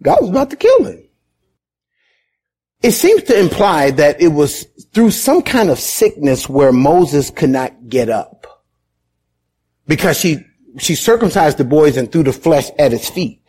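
A man preaching a sermon as pastor, conversational and repetitive, rising into shouted emphasis. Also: fairly high pitch, lively intonation, a little slow, breathy edge.

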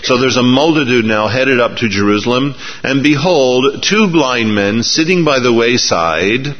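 A man preaching a sermon, sometimes acting out the people in his story in raised, animated voices. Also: medium pitch, normal speed. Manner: acts out biblical characters in lively raised voices. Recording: dull recording in a reverberant hall.

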